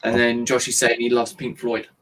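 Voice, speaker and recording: A man's voice: medium pitch, completely flat delivery, normal speed, a bit bright, rough recording. A man from the UK co-hosting a casual live chat, teasing and reading out viewer comments.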